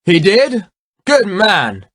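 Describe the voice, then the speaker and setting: A man voicing a brisk young English prince who snaps out quick orders on the battlefield. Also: high voice, huge pitch swings, a bit bright, dry recording, pitched above the performer's own voice, heavily acted.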